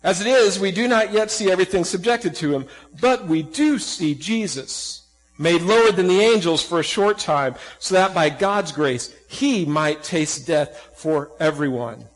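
A man's voice: high-pitched, expressive, measured pace, big-room sound, low-quality recording. A man preaching a sermon, earnest and emphatic, asking the listeners questions and restarting phrases as he goes. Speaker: pastor.

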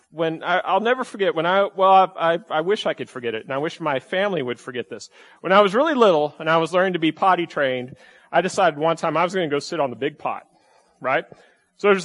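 A man delivering a sermon from the pulpit, easygoing and folksy, with self-deprecating asides. His voice sits a little higher than most men's. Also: fairly bright tone. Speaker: pastor.

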